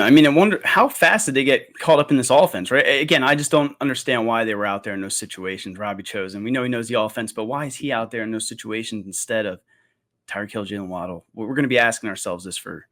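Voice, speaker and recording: A man's voice: lowish voice, quick pace, fairly bright tone. A man co-hosting a sports podcast in casual, conversational chat. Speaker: podcast co-host.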